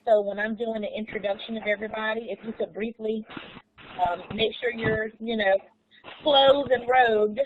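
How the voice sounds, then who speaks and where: A woman's voice: fairly high pitch, fairly even intonation, normal speed, noisy background. A woman teacher leading a staff planning meeting over a video call, upbeat and playful, thinking aloud with fillers. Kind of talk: casual planning chat. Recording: dull muffled call audio.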